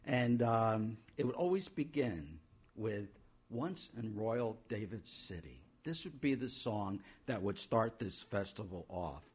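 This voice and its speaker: A man's voice: on the low side, expressive, takes it slowly, a little mellow, slightly rough. A male pastor introducing a church service in a conversational way, with homely asides.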